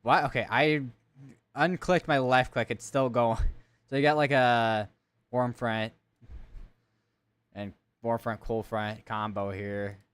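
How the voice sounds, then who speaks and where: A man's voice: medium pitch, measured pace, fairly bright tone, clear, resonant tone. A man hosting live severe weather coverage, talking casually and thinking aloud as he clicks through weather maps. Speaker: severe weather stream host.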